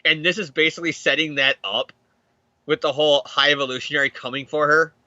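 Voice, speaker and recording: A man's voice: a little high, steady tone, quick pace, bright, forceful tone, dry recording, highs cut off. A man hosting a casual comic book recap show, rambling, laughing often and acting out characters. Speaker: podcast host.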